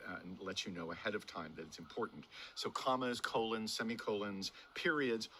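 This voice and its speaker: Animated older man teaching verse speaking. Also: a little hiss or hum. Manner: animated, demonstrative, swinging pitch for emphasis. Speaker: acting teacher.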